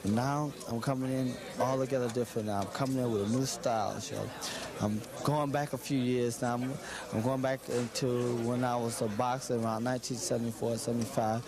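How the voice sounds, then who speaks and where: A man, a boxer being interviewed, answering in a halting way, repeating and restarting phrases. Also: medium pitch, steady tone, a crowd in the background.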